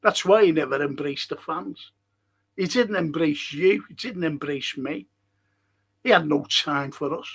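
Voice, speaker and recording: An older man from Liverpool with a strong Scouse accent hosts a casual live-stream chat. His voice sits high, and he rants with passion, jumping between loud bursts and low mutters as he reads out viewer messages. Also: a little slow, breathy edge. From Liverpool, England. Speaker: podcast host reading chat.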